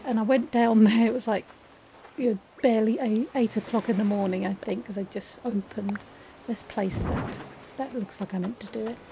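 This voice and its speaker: A woman's voice: on the high side, steady tone, normal speed, gravelly, warm tone, slight background noise. Chatty woman, rambling. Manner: chatty, rambling, self-deprecating. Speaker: let's play host. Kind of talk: casual storytelling over gameplay.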